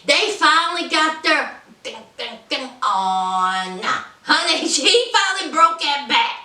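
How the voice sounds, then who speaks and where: A woman's voice: high voice, big pitch swings, takes it slowly, sharp tone, distant mic. A woman giving sassy, gossipy casual commentary on a reality show, calling her viewers honey and child. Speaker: reality TV reviewer. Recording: roomy, voice off the mic.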